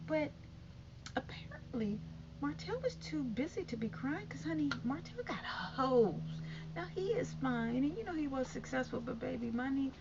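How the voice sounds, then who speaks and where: A woman's voice: high-pitched, very animated, normal speed, gravelly. A woman vlogger giving sassy casual commentary, calling listeners honey and baby. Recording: dull lo-fi recording with faint noise.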